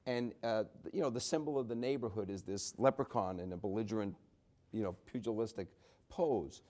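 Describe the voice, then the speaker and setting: Man, low voice, middle-aged, from the Boston area, author at a book talk, chatty, wry. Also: a little fast, a little mellow. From Boston area, USA. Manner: chatty, many restarts, wry asides. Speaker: author and journalist. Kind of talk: book talk, conversational storytelling.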